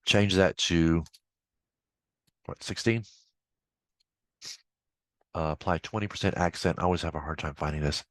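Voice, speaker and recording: Very deep-voiced man teaching casually. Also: unhurried, long pauses, a bit bright, dry recording. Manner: casual, chatty, with offhand asides. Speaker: accounting instructor. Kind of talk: screen-recorded software tutorial.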